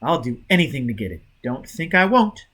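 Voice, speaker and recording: A man's voice: mid-range voice, big pitch swings, brisk, breathy edge. A man doing a savage, cold-blooded agent. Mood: savage, threatening. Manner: harsh, forceful, threatening.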